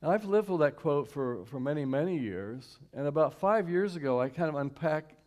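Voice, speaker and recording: A man from Houston speaking to a church congregation in a conversational sermon, repeating key lines slowly and inviting the audience to join in. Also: a little high, expressive, darkish tone. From Houston, Texas. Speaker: guest speaker and singer at a church service. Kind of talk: inspirational sermon talk. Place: church sanctuary, live stream.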